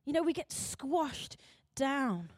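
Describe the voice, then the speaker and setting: A British woman preaching a sermon in an animated, chatty way, acting out quotes and laughing at herself. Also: high-pitched, slow pace, no echo, clean studio sound. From Britain.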